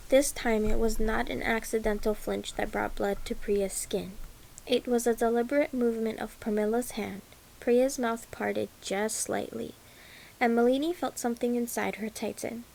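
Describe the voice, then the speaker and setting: Woman, audiobook narration, slightly high, gravelly, faint hiss behind. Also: steady tone, normal speed, a little mellow, low-quality recording. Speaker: audiobook reader.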